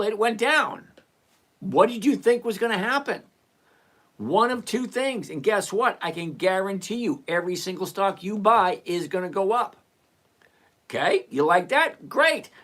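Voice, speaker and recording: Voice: mid-range voice, a bit bright. A live-stream host answering viewers' questions in a blunt, repetitive, lecturing way, with mildly profane, exasperated asides. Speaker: stock trading livestream host.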